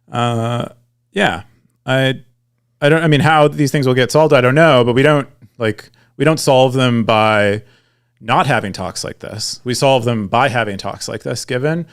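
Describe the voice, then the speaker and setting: A young man co-hosting a podcast chats casually in a smooth, medium-pitched voice. He rambles, restarting sentences often and filling gaps with fillers.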